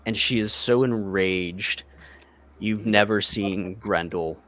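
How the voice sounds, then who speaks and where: A man narrating a tabletop game as the game master, deliberate and slow. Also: fairly low pitch, a bit bright.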